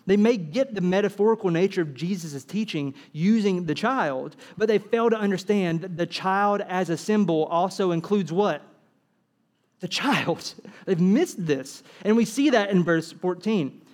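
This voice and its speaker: A man delivers a sermon in a high, bright voice. He is animated, acts out little scenes of dialogue and keeps asking the congregation rhetorical questions. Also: measured pace. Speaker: preacher.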